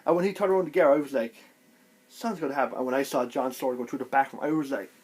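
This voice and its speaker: A man giving a casual, excitable video review, retelling scenes with lively exclamations. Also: mid-range voice, rapid-fire, slightly rough. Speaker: TV show reviewer.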